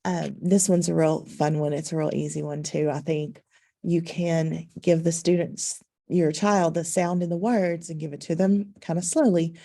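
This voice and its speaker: A woman's voice: deep voice, fairly even intonation, moderate pace, creaky, dark tone. A woman teacher explaining to parents, patient and instructive, with frequent ums. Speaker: second-grade teacher.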